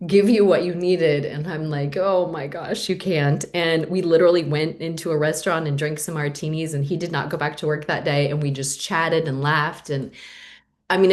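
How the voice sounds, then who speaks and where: Low-voiced middle-aged woman, podcast guest, animated storytelling, acts out the quotes. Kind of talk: candid storytelling in conversation.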